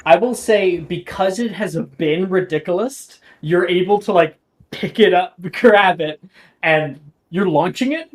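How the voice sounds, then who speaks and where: A man's voice: high-pitched, a little slow. Laughing, rambling male game master. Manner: laughs often, casual and rambling. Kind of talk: narrating a tabletop game.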